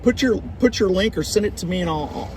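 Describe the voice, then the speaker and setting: Guy rambling on a livestream, laughs a lot, kinda high voice, bit of noise behind. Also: animated, fast. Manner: laughs often, rambling with restarts. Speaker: livestream host. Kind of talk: casual chat.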